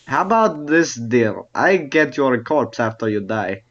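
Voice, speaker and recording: A man's voice: mid-range voice, sing-song, a little slow, fairly bright tone, highs cut off. A man playing a tabletop game, joking in a laid-back way. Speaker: player. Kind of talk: casual tabletop play.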